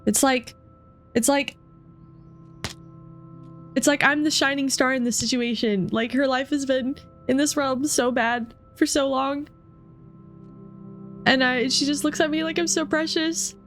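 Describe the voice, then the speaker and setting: A woman's voice: high voice, fairly even intonation, measured pace, pauses often, fairly bright tone, soft background music. Emotional young woman gamer. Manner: emotional, rambling, many fillers. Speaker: gaming streamer. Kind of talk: let's play commentary.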